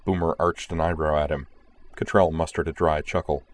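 Male narrator, very low voice, steady measured storytelling. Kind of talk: audiobook narration.

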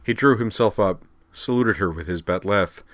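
A man narrating a story, reading with expressive, lively emphasis. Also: fairly low pitch, moderate pace, no echo.

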